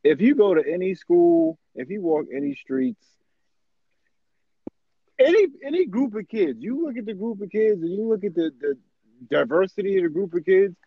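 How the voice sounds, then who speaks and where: A young man holds forth in casual conversation, speaking frankly and stressing points by repeating himself. His voice sits a little high and the recording is dry and muffled. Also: animated, normal speed, no room sound. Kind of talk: casual chat.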